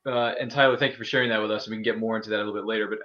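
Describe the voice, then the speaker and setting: A man hosting a casual chat, joking and quick with his questions. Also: lowish voice, steady tone, pushed and bright. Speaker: host. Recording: lo-fi muffled audio.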